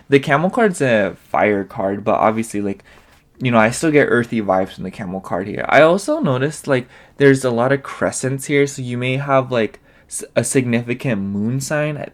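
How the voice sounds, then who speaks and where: Rambling casual male tarot reader. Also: medium pitch. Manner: rambling, filler-heavy, leans on "like" constantly. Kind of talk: casual pick-a-card tarot reading.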